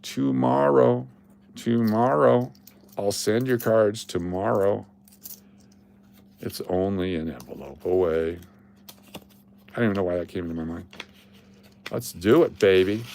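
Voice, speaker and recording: A man's voice: on the low side, a little slow, gravelly, long pauses, darkish tone. Jokey man chatting on a livestream. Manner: rambling, jokey, talks to chat. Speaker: coin roll hunting channel host. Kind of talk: casual livestream chat.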